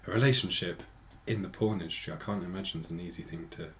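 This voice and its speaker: A woman's voice: extremely low pitch, fast talker, slight background noise. A woman co-hosting a podcast, chatting casually and cracking teasing jokes. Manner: teasing, wisecracking. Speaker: podcast co-host. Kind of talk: casual chat.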